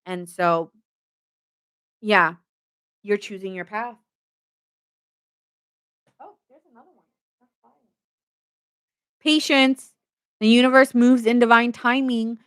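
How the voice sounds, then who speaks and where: A woman's voice: mid-range voice, a bit bright, smooth. Chatty woman giving a live tarot reading. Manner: chatty and playful, laughs often, greets viewers. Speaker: tarot reader hosting a live stream.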